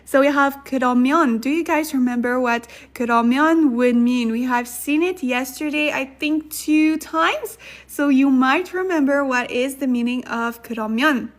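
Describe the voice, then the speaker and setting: A woman teaching a beginner language lesson on a livestream, chatting with viewers and thanking them as she goes. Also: high voice. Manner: chatty, thanks viewers, reads sentences slowly then fast.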